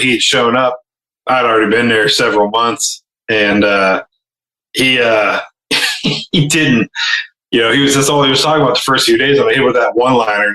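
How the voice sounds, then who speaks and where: A man with a bright, forceful voice, chatting casually on a podcast. He tells crude, joking stories and jumps into the voices of the people in them. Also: mid-range voice, echoey room, rough recording. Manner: crude, joking storyteller, acts out quotes. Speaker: podcast co-host.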